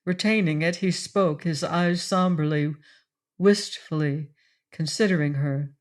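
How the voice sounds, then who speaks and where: A woman narrating an audiobook of a classic adventure novel in a steady storytelling read. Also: low-pitched, measured pace. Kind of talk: scripted narration.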